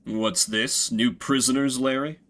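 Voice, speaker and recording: A man's voice: mid-range voice, steady tone, unhurried, a bit bright, lightly acted. A man voicing a smug, cold male stoat prison captain who speaks in a dry, menacing drawl.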